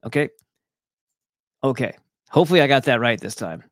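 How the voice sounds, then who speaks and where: Male host ranting to his viewers: sarcastic, profane, rambling, mid-pitched voice, dry close sound. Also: big pitch swings, a little fast, no echo. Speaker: host of his own online show. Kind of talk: casual rant to viewers.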